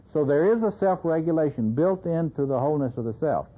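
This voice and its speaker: Mellow-voiced male lecturer on old tape. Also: fairly high pitch, animated, brisk, lo-fi sound. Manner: conversational, keeps checking in with "you see". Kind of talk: seminar lecture.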